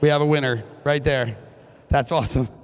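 A hoarse man in his forties from Minnesota giving a joking, chatty keynote talk on a stage microphone in a large school hall. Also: medium pitch, steady tone, fairly quick. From Duluth, Minnesota, USA. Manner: joking, chatty, with frequent fillers. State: hoarse, recovering from lost voice. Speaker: conference keynote speaker. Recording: long reverb of a large hall.

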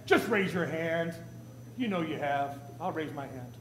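A man, a pastor, preaching a sermon in a church, swinging between quiet asides and loud, rising appeals and acting out whiny quotes. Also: a little high, animated, unhurried, slightly rough, long reverb tail. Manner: preaching with sudden rises and drops in loudness, acting out whiny quotes. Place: church sanctuary.

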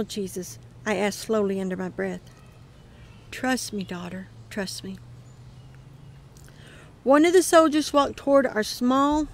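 A woman reading her dream account aloud in a calm voice that often drops to a murmur. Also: fairly high pitch. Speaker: ministry dream teller.

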